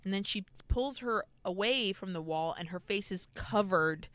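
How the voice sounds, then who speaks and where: A woman co-hosting a podcast, retelling a film's plot in casual, animated chat with plenty of swearing. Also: mid-range voice, normal speed, no echo. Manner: animated storytelling, acts out characters, frequent swearing. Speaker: podcast co-host. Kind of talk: casual film recap chat.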